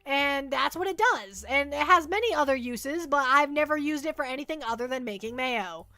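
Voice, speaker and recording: A woman's voice: high voice, animated, moderate pace, sharp tone, dry recording. A woman hosting a livestream, chatting casually and rambling as she answers viewer questions, often repeating herself and joking at her own expense. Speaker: livestream host.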